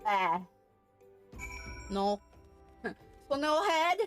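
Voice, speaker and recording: A woman's voice: mid-range voice, very animated, extremely slow, soft background music. A woman streamer chatting casually over her gameplay, playful and giggly, making jokey asides to herself.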